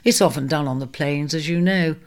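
A woman voicing a crisp, teasing woman of the house who quips lightly in a storybook reading. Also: sits low, fairly quick. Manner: crisp, quipping.

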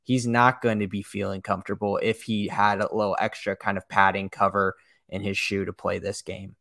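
A man's voice: lowish voice, flat delivery, normal speed, creaky, a bit bright, no room sound, clean studio sound. A man co-hosting a casual sports podcast, emphatic and teasing. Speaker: podcast co-host.

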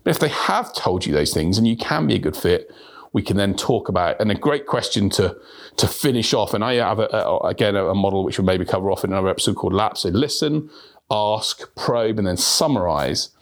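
A low-pitched man hosting a solo sales podcast. His voice swings widely as he speaks and acts out sample questions, and he often stumbles and repeats small words when he restarts a thought. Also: lively intonation, a little fast.

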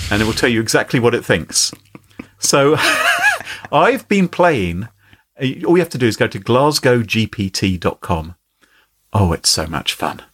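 Lively, playful male podcast host. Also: mid-range voice, measured pace, slightly rough. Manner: playful, animated, laughs often. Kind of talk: casual chat.

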